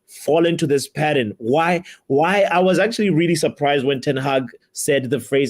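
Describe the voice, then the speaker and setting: Excitable man with a higher voice. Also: normal speed, few pauses. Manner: laughing, excitable, hesitant fillers. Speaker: fan panelist. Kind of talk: casual football fan chat.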